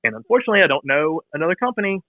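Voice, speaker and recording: A man in his thirties tells a long story in a casual interview, acting out phone calls with quoted voices. His voice sounds thin and tinny, as if heard over a phone line, and the room around him is dry. He stays at an ordinary pitch but jumps up for emphasis. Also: animated, very fast, creaky, no echo. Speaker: bike builder guest.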